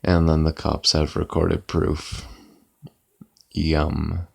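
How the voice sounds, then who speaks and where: A worn-out man talks on his live stream in a flat, deadpan monotone. His voice sits very low and rough with gravel, and he sounds lazy and sleepy. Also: extremely slow. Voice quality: monotone delivery. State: tired and yawning. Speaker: livestreamer. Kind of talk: casual live-stream chat. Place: at home, lying back comfortably.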